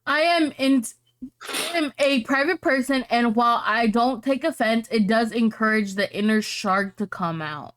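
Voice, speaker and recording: Woman podcast co-host, slightly high-pitched, reads posts and reacts with loud, profane energy. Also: moderate pace. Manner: brash, profane, animated reactions. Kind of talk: reading and reacting to online posts.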